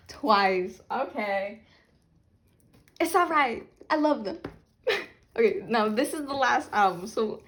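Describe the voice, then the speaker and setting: A young woman filming an unboxing vlog, talking loudly and dramatically, laughing and half-crying over what she gets. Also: fairly high pitch, expressive, slow. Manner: loud, chaotic, dramatic reactions with laughing and fake crying. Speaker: vlogger unboxing albums.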